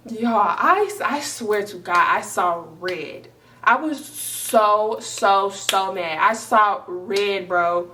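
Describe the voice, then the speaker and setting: Animated young woman telling a story, slightly off-mic. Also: mid-range voice, takes it slowly, distant mic, a little hiss or hum. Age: 20s. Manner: animated, slangy, frequently swearing, talks straight to viewers. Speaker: storytime vlogger. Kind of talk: casual storytime chat.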